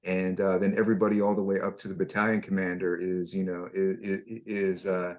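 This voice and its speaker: A man, a former tank crewman, telling army stories casually, halting and repeating himself. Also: low voice, level tone, a little mellow. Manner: halting, many restarts and fillers. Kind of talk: casual storytelling.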